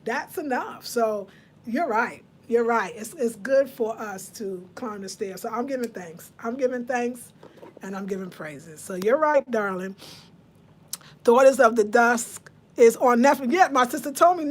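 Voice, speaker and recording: A woman in her fifties with a way of speaking, hosting a casual live chat. Her voice sits a little high. She talks to her viewers and answers their comments. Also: normal speed, a little hiss or hum. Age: 50s. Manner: chatty, reads out viewer comments. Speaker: livestream host.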